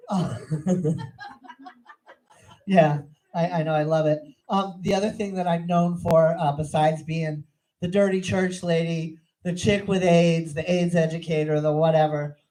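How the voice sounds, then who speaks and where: A woman's voice: low-pitched, fairly even intonation, unhurried, mellow, rough recording. A middle-aged woman performing a crude, profane stand-up routine on a comedy club stage. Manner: crude, profane, brash storytelling.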